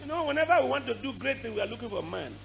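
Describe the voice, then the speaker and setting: A middle-aged man with a Nigerian accent preaching a sermon, animated, with sudden shouted bursts and dramatic drops in volume. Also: sits high, very fast, gravelly, rough recording. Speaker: archbishop.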